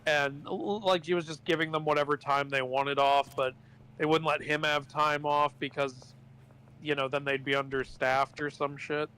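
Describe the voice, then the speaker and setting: A man's voice: fairly high pitch, pushed and bright, smooth, poor audio. A man chatting casually on a game stream, telling a rambling anecdote full of acted-out quotes, swearing and laughter. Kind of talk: casual chat while gaming on stream.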